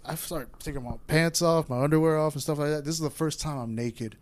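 A man's voice: a little high, fast talker. A young man casually telling a rambling, candid personal story in a podcast chat, acting out what people said.

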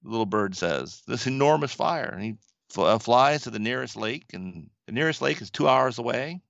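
A man's voice: mid-range voice, lively intonation, normal speed, vocal fry, no room sound, dull audio. A man from the western United States, a Buddhist teacher, earnestly telling a story in reflective conversation. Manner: storytelling, earnest, laughs softly.

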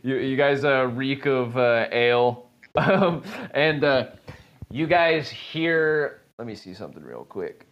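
A man's voice: medium pitch, animated, slow pace, lo-fi sound. A man narrating as game master of a tabletop game, loose and chatty with many fillers and easy laughs. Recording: casual podcast recording.

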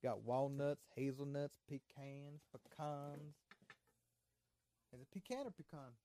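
A man's voice: mid-range voice, sing-song, brisk, mellow, a little hiss or hum. A man hosting a casual movie watch-along chat, rambling, teasing and swearing.

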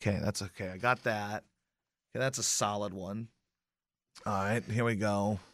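A man's voice: lowish voice, steady tone, moderate pace, fairly bright tone, slight background noise. A man hosting a casual sports talk show, sarcastic and mocking, tossing off joke rhymes. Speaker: podcast host.

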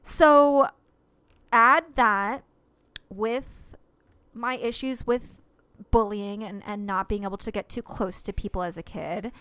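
A woman's voice: medium pitch, slow, pauses often, a bit bright, clear, resonant tone. A woman in her thirties co-hosting a podcast, talking earnestly and at length with many restarts. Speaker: podcast co-host. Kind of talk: casual podcast chat.

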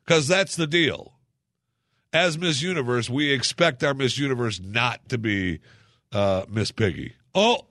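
A man's voice: mid-range voice, measured pace, a bit bright, no echo, clean studio sound. A man hosting a radio segment, riffing in a sarcastic, mocking way and rambling with lots of fillers. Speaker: radio host. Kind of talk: casual solo commentary.

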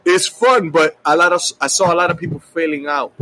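Male musician guest, slightly high voice, lively anecdotes. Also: a little fast, slight background noise, rough recording. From Washington Heights, New York. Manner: upbeat, acts out quoted voices. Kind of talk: casual interview chat.

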